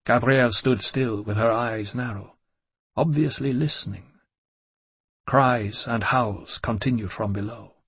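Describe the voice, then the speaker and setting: Reading a gothic novel in first person, this male audiobook narrator keeps a measured, dramatic pace. His ordinary-pitched voice is husky yet fairly bright in tone. It's recorded close and dry, free of room echo.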